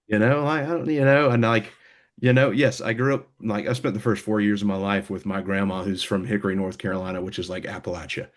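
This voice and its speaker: Man, low voice, young adult, band member, casual interview chat, rambling with fillers. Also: steady tone, fairly quick. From United States. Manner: rambling, many fillers and restarts.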